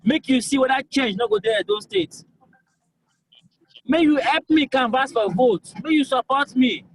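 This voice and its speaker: High-voiced young Nigerian man pleading earnestly. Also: animated, moderate pace, creaky, slight background noise, poor audio. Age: young adult. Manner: emphatic, repetitive, pleading. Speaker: governorship aspirant. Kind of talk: campaign call-in interview.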